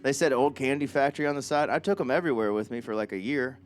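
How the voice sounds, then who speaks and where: A man's voice: mid-range voice, fast, soft background music. A man, a singer-songwriter, chatting between songs at a small live club, telling rambling, joking anecdotes into a stage mic. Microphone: stage vocal mic.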